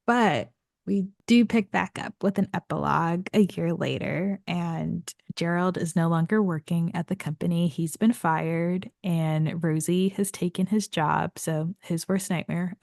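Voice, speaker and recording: A woman's voice: on the low side, creaky, a little mellow, no echo, studio quality. A woman co-hosting a book podcast, talking in a laid-back, chatty way. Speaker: podcast co-host. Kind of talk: casual book chat.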